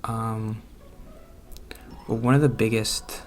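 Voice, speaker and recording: A man's voice: on the low side, steady tone, slow pace, a little hiss or hum. A young man chatting casually at home, rambling and self-conscious, often breaking into nervous laughs. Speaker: gaming vlogger. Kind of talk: casual chat over gameplay. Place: room at home.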